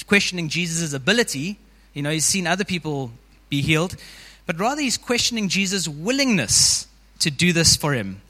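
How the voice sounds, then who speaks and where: Speaking to his congregation in a slightly high, notably bright voice, a preacher gives a laid-back, chatty sermon. His delivery stays casual and he falls back on "you know" over and over. A long, large-hall reverb surrounds the sound.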